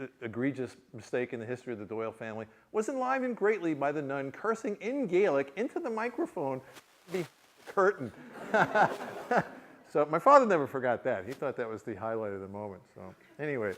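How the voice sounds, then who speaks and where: A man, an author giving a reading, telling humorous stories to a live audience, laughing often and joking with the crowd. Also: medium pitch. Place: university reading before an audience.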